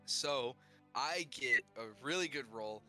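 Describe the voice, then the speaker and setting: A young man recapping his tabletop game character's backstory, halting, with many fillers and restarts. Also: mid-range voice, animated, sharp tone, soft background music. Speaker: player.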